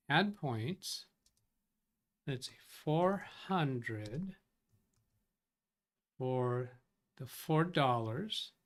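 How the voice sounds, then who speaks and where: A man hosting a tech support live stream, thinking aloud as he reads out viewer comments and corrects himself. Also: mid-range voice. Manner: rambling, self-correcting. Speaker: tech support livestream host. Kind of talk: casual live-stream chat.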